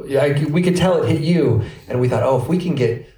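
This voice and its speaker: A filmmaker on a press panel recounting a story earnestly, halting and repeating words as he goes. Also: on the high side, mellow. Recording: echoey room, distant mic.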